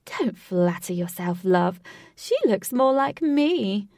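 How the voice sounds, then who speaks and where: A woman's voice: medium pitch, lively intonation, slow, darkish tone, no echo, clean studio sound. A woman voicing a smug rival woman who growls and coos her taunts.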